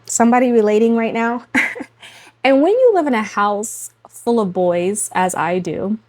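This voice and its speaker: A young adult woman, a mother, speaking casually to camera about faith and home life in a chatty, animated way, often laughing and addressing women viewers directly. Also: on the high side, unhurried. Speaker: faith and lifestyle vlogger, mother.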